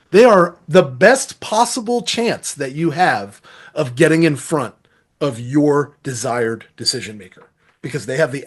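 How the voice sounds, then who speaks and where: A middle-aged man giving a sales masterclass, energetic and acting out sample phone calls as he teaches. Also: on the high side, breathy edge. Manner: energetic, acts out calls and quotes. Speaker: sales trainer. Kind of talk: masterclass talk.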